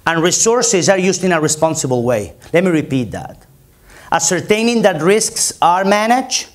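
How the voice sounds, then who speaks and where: Spanish-accented male keynote speaker, higher voice, emphatic and repetitive. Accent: Spanish, from Barcelona. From Spain. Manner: emphatic, repetitive, rallying the audience. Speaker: conference speaker. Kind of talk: conference keynote presentation. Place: conference hall.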